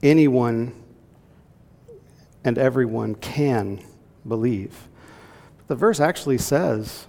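Male Bible teacher, gravelly, chatty, quizzes his group, hall reverb. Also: medium pitch, moderate pace, a little mellow. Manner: conversational, asks the group questions. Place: church room with a group.

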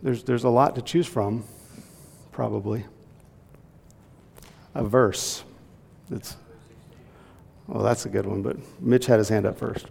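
Creaky-voiced man teaching a Bible class. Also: lowish voice, fairly even intonation, slow, pauses often, darkish tone, a little hiss or hum. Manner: conversational, asks the group questions. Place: church room with a group. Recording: long hall reverb.

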